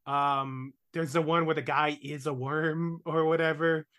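A man's voice: on the high side, flat delivery, unhurried, fairly bright tone. A man hosting a podcast, chatting casually about episodes with many ums and casual swearing. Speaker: podcast host. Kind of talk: casual chat.

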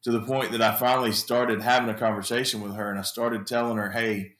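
A man's voice: mid-range voice, little pitch movement, quick pace, fairly bright tone, reverberant. A man talking casually as a guest, often repeating words as he searches for them. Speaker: sales trainee guest. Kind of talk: casual chat.

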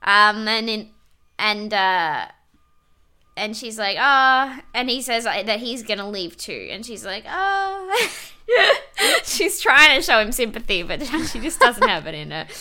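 Bright-voiced woman chatting casually. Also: medium pitch, expressive, moderate pace. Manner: chatty, laughs often, swears freely. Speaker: podcast co-host. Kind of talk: casual recap chat about a reality show.

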